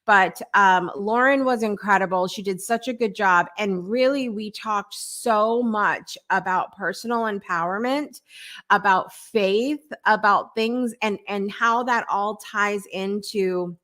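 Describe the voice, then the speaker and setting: A woman's voice: mid-range voice, takes it slowly, fairly bright tone. A woman hosting a live morning talk show, chatting in an upbeat way and reading out viewer comments.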